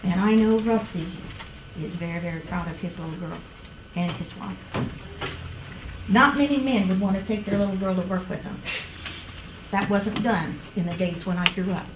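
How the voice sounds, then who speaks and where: A woman's voice: medium pitch, normal speed, pauses often, background noise. Earnest older woman in an echoey room. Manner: earnest and proud, speaking to the room. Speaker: public commenter, a mother. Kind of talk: spoken public comment at a county board meeting. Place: meeting room.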